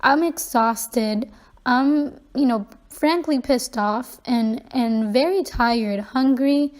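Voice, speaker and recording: A woman's voice: high-pitched, darkish tone. A young woman vlogging, candidly retelling a personal story in a conversational way with frequent fillers and restarts.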